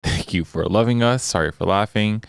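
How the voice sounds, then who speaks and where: A man's voice: fairly low pitch, normal speed, gravelly, clear, resonant tone, dry recording. A young man co-hosting a podcast, chatting casually in a rambling, jokey way. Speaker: podcast co-host. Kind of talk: casual chat.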